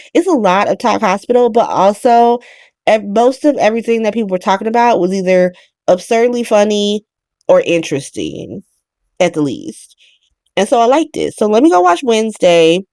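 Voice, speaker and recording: A woman's voice: lowish voice, darkish tone, dry recording, studio quality. A woman hosting a casual soap opera recap, swearing freely and speaking in a sarcastic, slangy way.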